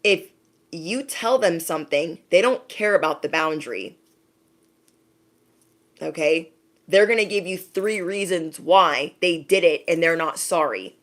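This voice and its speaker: A woman talks straight to her viewers in a casual spiritual pep talk. She drives each point home by repeating phrases and checking in with a quick "okay?". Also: fairly low pitch, a bit bright. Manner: emphatic, repeats phrases, direct address with frequent "okay?". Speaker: spiritual reader.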